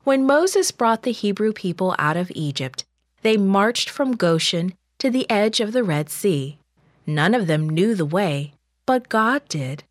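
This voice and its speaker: A woman narrating a children's Bible story in a slow, measured, gentle scripted reading. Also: medium pitch, very animated, no room sound, studio quality.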